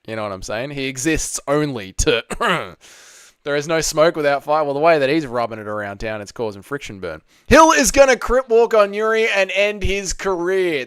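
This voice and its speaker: Young male livestream host, blunt and crude banter, smooth fairly high voice, dry close mic. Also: a bit bright, dry recording. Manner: blunt, crude banter, reads chat aloud. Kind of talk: casual livestream chat.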